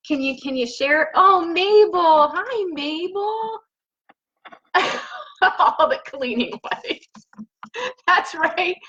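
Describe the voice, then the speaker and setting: A woman's voice: high voice, sharp tone, lo-fi sound, a little hiss or hum. A woman hosting a home cooking live stream from her kitchen, bubbly and gushing, laughing often as she chats to viewers. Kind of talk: casual live-stream chat. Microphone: laptop on the counter.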